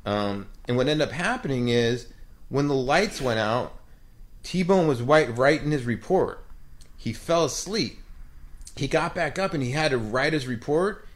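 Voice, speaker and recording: A man's voice: medium pitch, measured pace. A middle-aged man, a former ballplayer and podcast co-host, telling a long story in casual chat and acting out the voices of the people in it. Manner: animated anecdote teller who acts out quoted voices.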